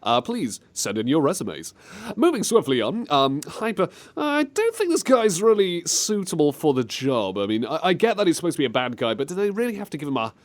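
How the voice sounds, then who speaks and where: A man's voice: a little high, fairly quick. A young man hosting a comedy radio show in a studio, rambling in loose, joking banter. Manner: animated, rambling, slips into silly mock voices. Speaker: radio host.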